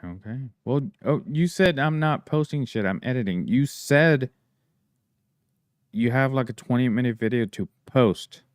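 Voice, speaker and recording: A man's voice: medium pitch, animated, a little slow, no room sound, clean studio sound. A man co-hosting a podcast in casual chat, joking and teasing his friends. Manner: joking, teasing, swears freely. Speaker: podcast co-host.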